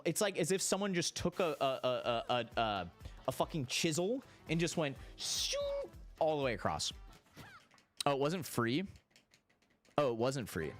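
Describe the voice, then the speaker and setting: A young man streaming, telling a story casually, animated and profane, his voice shooting up when excited and sinking low when he reflects. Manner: animated, swearing, jumps high in pitch when excited.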